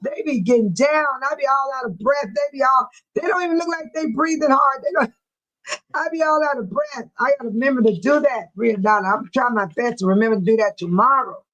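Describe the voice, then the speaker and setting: Woman host, chatty and repetitive, talking to viewers live; voice sits a bit high. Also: a bit bright, dull audio. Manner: repetitive, chatty, quick to laugh. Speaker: livestream host. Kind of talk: casual live chat with viewers.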